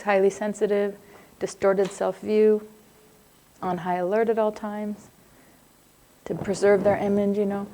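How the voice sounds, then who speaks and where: There's slight background noise behind this middle-aged woman's mellow, mid-range voice. Lecturing a live psychology class, she's conversational and digressive, laughs easily and frequently breaks off to check on her students.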